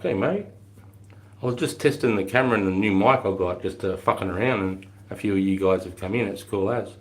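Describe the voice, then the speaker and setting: A middle-aged Australian man, a former army recruit instructor, telling stories casually on a livestream in a blunt, profane way. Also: low-pitched. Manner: blunt and profane, bursts into shouted drill-sergeant quotes.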